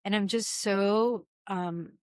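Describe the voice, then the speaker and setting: A woman's voice: medium pitch, steady tone, takes it slowly, smooth, no echo, clean studio sound. A woman hosting an interview, affirming her guest and asking reflective questions. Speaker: host. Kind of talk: casual interview conversation.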